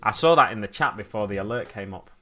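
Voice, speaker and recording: Man, Stockport accent, casual painting-stream chat, answers chat messages, low voice, faint music behind. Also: expressive, fast talker, sharp tone. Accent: Stockport, Manchester. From Manchester area, England. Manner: chatty, reads chat messages aloud and answers them. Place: home painting setup.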